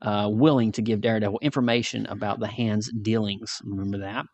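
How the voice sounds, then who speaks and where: A man's voice: fairly low pitch, fairly even intonation, a little fast, a little mellow, no room sound. A man hosting a podcast, chatting casually and ranting animatedly, with frequent restarts. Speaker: podcast host. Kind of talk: casual review chat.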